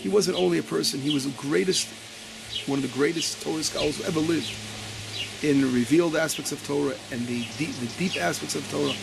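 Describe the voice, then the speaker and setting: Gravelly rabbi teaching over background noise. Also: male voice, a little high. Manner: searches his papers aloud, stumbles and repeats words; reads quotes slowly with emphasis. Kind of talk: Torah lesson.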